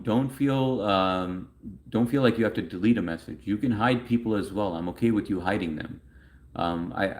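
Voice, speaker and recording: Deep-voiced man chatting on a livestream. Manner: rambling, chatty, reads chat messages aloud. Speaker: livestream host answering chat. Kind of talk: casual livestream chat.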